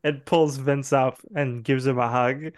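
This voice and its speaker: A man narrating as game master of a tabletop role-play game, halting and full of fillers, often breaking into laughter. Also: mid-range voice, fairly even intonation.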